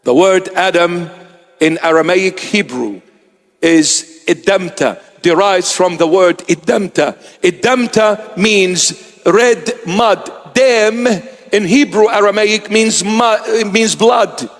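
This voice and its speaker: High-voiced preacher man in a reverberant hall. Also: slow pace. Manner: storytelling, acts out quoted voices. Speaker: bishop preacher. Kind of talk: sermon.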